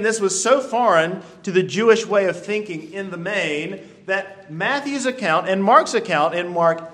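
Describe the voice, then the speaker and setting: A man preaching a sermon, stretching out key phrases with deliberate emphasis. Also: sits high, a bit bright. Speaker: pastor.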